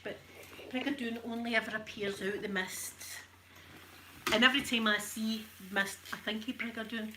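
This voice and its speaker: A woman's voice: on the high side, steady tone, normal speed, noisy background. A middle-aged woman with a Scottish accent chatting casually and joking through an ASMR ironing video, laughing often. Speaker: ASMR creator.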